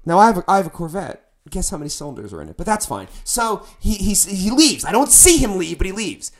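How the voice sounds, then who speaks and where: This middle-aged musician talks fast in a high-pitched voice, sharing a band story in casual podcast chat. He's lively and foul-mouthed, performing his own shouting as he goes.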